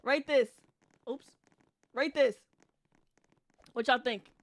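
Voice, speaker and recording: A woman's voice: high voice, takes it slowly, dry recording. A woman streaming a game live, talking casually to her chat and often shrieking and laughing. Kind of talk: live gaming commentary.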